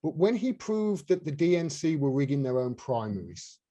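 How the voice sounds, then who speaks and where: A man's voice: fairly high pitch, sing-song, moderate pace, mellow, muffled recording. A man hosting a casual political chat, talking in a heated, indignant way and swearing freely. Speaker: podcast host.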